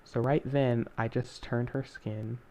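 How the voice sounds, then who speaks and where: A man's voice: mid-range voice, fairly even intonation, measured pace, a little mellow. A young man hosting a casual screen-recorded art tutorial, talking in a rambling way with many fillers and self-corrections.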